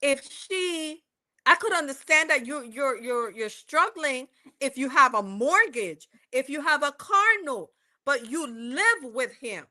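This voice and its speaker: High bright Caribbean woman gossiping. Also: a little slow. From Virgin Islands. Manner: animated, acts out quoted dialogue. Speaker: podcast co-host. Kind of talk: casual gossip chat.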